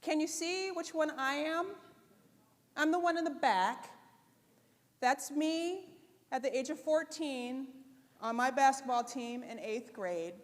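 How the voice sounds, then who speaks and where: A woman with a fairly high voice gives a motivational talk from a conference stage. Her delivery is animated and chatty, and she speaks directly to the crowd. The live recording carries a long reverb from the hall. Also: unhurried, pauses often. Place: conference stage before an audience.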